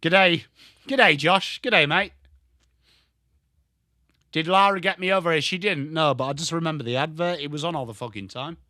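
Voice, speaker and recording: Excitable sweary Englishman calling footy. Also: fairly high pitch, fast talker, hardly any pauses, no room sound, studio quality. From England. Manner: excitable, sweary, rattles off player names. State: tired from little sleep. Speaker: host of a live football watchalong. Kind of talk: live commentary and chat stream.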